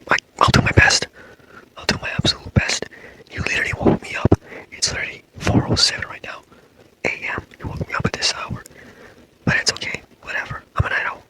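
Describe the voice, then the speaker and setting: A man doing whispered role-play as a boyfriend in an ASMR clip, repeating words in a hushed whisper talk. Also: rough recording. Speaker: ASMR creator.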